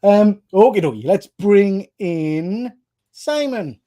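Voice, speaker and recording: A Geordie man hosts a relaxed online panel show over a video call, cheerful and full of banter. His voice sits a little high for a man, and he keeps the chat light and friendly. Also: slow. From North East England. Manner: chatty, jokey, friendly banter. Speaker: host. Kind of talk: casual live panel chat.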